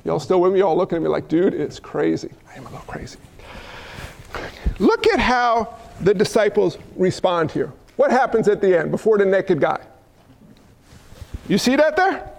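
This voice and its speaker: A man preaching a sermon as pastor, fiery and animated, calling out to the congregation for responses and dropping folksy asides and loud exclamations. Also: high voice, gravelly.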